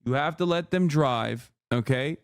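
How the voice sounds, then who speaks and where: A man's voice: on the high side, unhurried, clear, resonant tone, dry recording, studio quality. A man doing livestream reaction commentary, talking in a brash, mocking and crude way. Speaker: streamer reacting to news clips.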